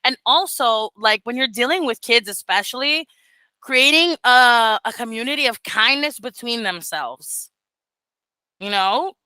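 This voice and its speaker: A woman mentoring beginner English teachers on a video call, animated and laughing often as she talks casually. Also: fairly high pitch, unhurried, clean tone, no echo, rough recording.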